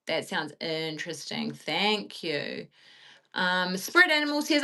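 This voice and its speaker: A woman's voice: fairly low pitch, big pitch swings, a little slow, pushed and bright. A woman co-hosting a casual livestream, chatting loosely with lots of ums and uhs. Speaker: podcast co-host.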